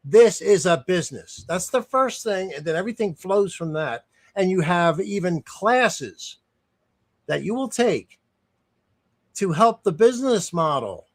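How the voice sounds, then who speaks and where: A man talks through his views in a loose, unscripted way, his voice sitting a little high for a man. He sounds indignant and often doubles back mid-sentence or drifts into digressions. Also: lively intonation, a little slow. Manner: indignant, rambling, with frequent restarts and digressions. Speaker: streamer giving commentary. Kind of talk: casual unscripted commentary.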